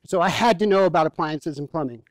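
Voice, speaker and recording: A man's voice: fairly high pitch, fast talker, no room sound. A man preaching as a pastor in a church, telling stories in a conversational, humorous way. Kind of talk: sermon.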